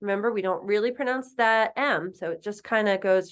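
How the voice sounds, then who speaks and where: A woman teaching a recorded French lesson, patiently explaining and repeating phrases slowly. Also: mid-range voice.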